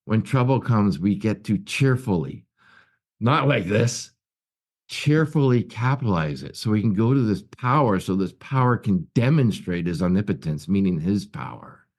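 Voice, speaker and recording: A man's voice: lowish voice, expressive, moderate pace, few pauses, darkish tone. A man giving an earnest personal recovery share at a meeting, telling stories with many restarts and repeated words. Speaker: guest speaker at a recovery meeting. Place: his office at work.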